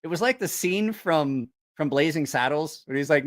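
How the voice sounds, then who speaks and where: A man casually telling profane, animated stories, acting out other people's voices. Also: on the high side, normal speed. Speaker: host. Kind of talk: casual storytelling.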